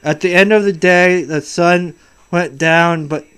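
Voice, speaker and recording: Dad reading a storybook to his kid: gentle, halting, slightly high voice, unhurried. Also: fairly even intonation, clean tone. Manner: soft, patient, halting, with frequent restarts. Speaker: father reading to his child. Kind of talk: reading a picture book aloud to a child.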